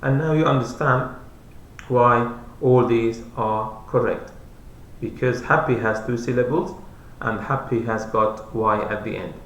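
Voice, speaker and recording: A man teaching English grammar, explaining slowly and repeating each rule and example. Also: medium pitch, a bit bright, a little hiss or hum. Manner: slow, repetitive, spells out letters. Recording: roomy echo.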